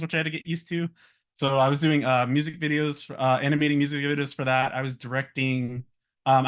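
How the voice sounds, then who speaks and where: A man's voice: mid-range voice, fairly bright tone. A man in his thirties, a guest speaker and animator, talking casually about his career, with lots of fillers, restarts and small laughs. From Virginia, US.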